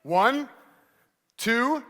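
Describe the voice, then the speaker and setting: High, bright-voiced joking man on stage. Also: drawn-out words. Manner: joking, teasing and energetic. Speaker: keynote speaker. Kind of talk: playful stage talk to a live audience. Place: large hall. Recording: hall reverb.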